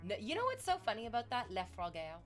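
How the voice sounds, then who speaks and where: A woman's voice: on the high side, huge pitch swings, fast talker, faint music behind. A young woman streaming from Canada, chatting with viewers in a rambling, sarcastic and profane way. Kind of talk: casual stream chat.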